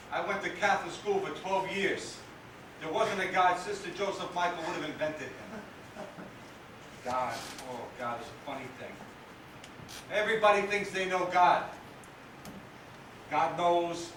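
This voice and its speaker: A man's voice: sits high, background noise. An actor playing a streetwise, kindly man who comforts a grieving kid, chatty and wry with street slang. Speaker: stage actor. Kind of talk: stage drama monologue. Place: theatre stage. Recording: echoey theatre from far off.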